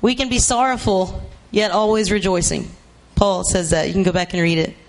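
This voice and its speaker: A man preaching a sermon, emphatic and repetitive, rising to shouts for emphasis. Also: high-pitched, fairly even intonation, moderate pace, creaky.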